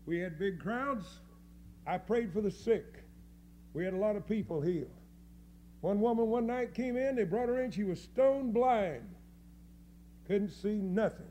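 A man preaching a fiery sermon, folksy and scornful, dropping to low mutters and rising to loud cries. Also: animated, unhurried, pauses often, a little hiss or hum. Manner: folksy, scornful, with mocking quoted voices.

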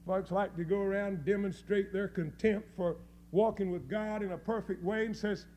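A man preaching a fiery sermon, folksy and scornful, dropping to low mutters and rising to loud cries. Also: fairly even intonation, normal speed, pauses often, slight background noise. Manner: folksy, scornful, with mocking quoted voices.

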